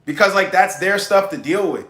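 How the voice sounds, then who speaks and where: Blunt, emphatic male advice vlogger, bright tense tone, roomy echo. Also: high voice, normal speed. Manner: blunt, emphatic, calls listeners bro. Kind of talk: casual advice monologue.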